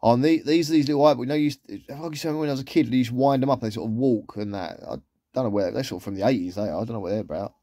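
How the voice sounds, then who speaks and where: Man, chatty shopping commentary, warm timbre, dry recording. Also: mid-range voice, racing, no room sound. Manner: chatty, rambling, with trailing asides. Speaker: vlogger. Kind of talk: casual shopping haul commentary.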